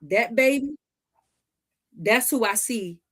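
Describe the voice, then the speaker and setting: Animated woman telling a family story. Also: a little high, slow pace, husky. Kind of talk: casual storytelling.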